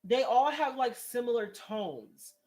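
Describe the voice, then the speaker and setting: An extremely high-pitched, expressive male voice with a darkish tone moves at a slow pace. The vlogger reads viewer comments in casual commentary, rambling and exasperated, laughing often and pitching higher when he gets agitated.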